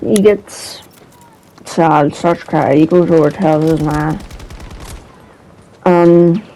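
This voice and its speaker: Male storyteller, casual and hesitant, slow delivery, soft dark tone. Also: fairly high pitch, fairly even intonation, a little hiss or hum, rough recording. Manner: rambling, hesitant, swears casually.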